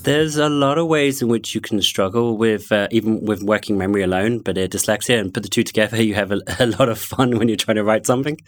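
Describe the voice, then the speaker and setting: A middle-aged man with a London accent tinged with Connemara, thoughtfully recounting his own experience with many pauses and restarts. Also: on the low side, soft background music. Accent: London with touches of Connemara. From born in London, family from Galway. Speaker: guest sharing personal experience. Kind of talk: reflective personal account.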